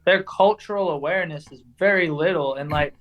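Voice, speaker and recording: A young man from England whose accent has softened after growing up in the South, chatting casually on a call, laughing often and saying "dude" a lot. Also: fairly high pitch, fairly quick, highs cut off. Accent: English, softened after years in the American South. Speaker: guest, racer. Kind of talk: casual podcast chat.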